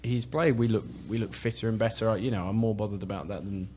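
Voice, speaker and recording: A man giving his views as a panelist on a football podcast, measured and opinionated, often restarting his phrases. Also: fairly low pitch, fairly even intonation, darkish tone, slight background noise. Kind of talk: casual football podcast discussion.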